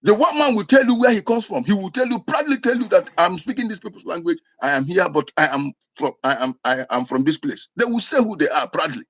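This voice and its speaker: A man from Igbo land with an Igbo Nigerian accent, giving a forceful, emphatic monologue full of repetition. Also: high-pitched, animated, fast, few pauses. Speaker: speaker. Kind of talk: impassioned monologue.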